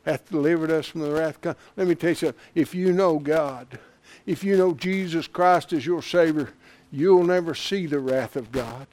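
A man preaching a sermon, moving from quiet retelling to loud, impassioned shouting with chuckles. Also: a little high, normal speed.

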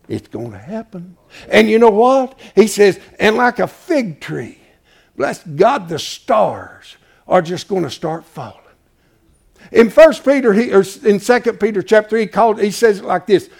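A man preaching a folksy sermon, swinging from hushed asides to shouting. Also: high voice, very animated, normal speed, vocal fry.

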